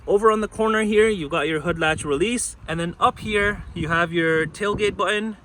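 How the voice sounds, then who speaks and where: A man with a fairly high voice gives a relaxed car walkaround, chatting eagerly about each detail. Faint street noise sits behind him outdoors. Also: moderate pace. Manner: enthusiastic, conversational, with fillers. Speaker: car reviewer. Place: outdoors around a parked car, then inside it.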